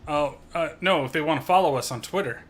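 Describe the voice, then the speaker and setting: Bright-voiced man cohosting a podcast. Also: fairly high pitch, fast. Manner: laughs often, teasing, swears. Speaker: podcast co-host. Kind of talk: crude casual chat.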